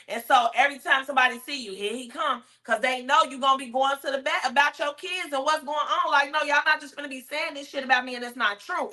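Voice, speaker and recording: Female co-host, bright, blunt talk-show commentary. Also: fairly high pitch.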